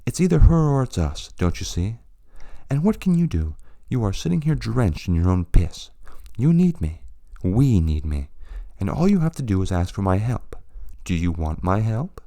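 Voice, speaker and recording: A shadowy young man in a dark storybook reading, swearing and goading with loaded menace, as a male narrator puts him on. The voice is deep and mellow, with lively pitch. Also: moderate pace, no echo, clean studio sound. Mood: menacing. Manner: menacing, profane and urgent.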